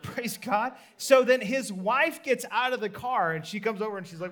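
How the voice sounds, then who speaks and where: A man preaching a sermon, telling a story with energy and acting out the people in it. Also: a little slow. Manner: animated storytelling, acts out the people in the story in higher voices, laughs.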